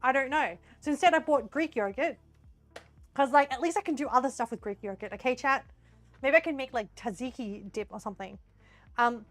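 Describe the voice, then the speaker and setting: An Australian woman streamer chatting casually while she cooks in her home kitchen, giggly and scattered. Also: high-pitched. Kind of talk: casual live-stream chat while cooking.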